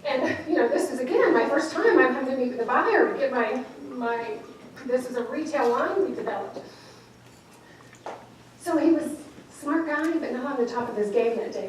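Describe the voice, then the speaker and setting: A woman giving an animated storytelling speech to an audience in a large event hall, laughing often and acting out the voices in her stories. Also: sits high, slight background noise. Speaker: motivational speaker. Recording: echoey hall from far off.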